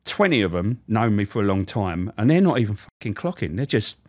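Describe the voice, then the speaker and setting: A man's voice: fairly low pitch, big pitch swings, fairly quick. A middle-aged man, a podcast guest telling funny, sweary stories about his prison days and acting out the voices. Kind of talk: casual storytelling chat.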